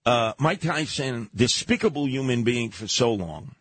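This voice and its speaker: Male radio host, mid-pitched and husky, blunt storyteller with firm opinions. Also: expressive, measured pace, no room sound. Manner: blunt, emphatic storyteller giving advice. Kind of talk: radio talk show banter. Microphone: studio microphone.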